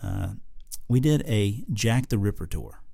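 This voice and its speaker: A man's voice: fairly low pitch, huge pitch swings, a little slow, creaky, mellow, no room sound, studio quality. An American man co-hosting a podcast, telling a travel story in casual chat, rambling with lots of fillers and restarts. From United States. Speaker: podcast co-host.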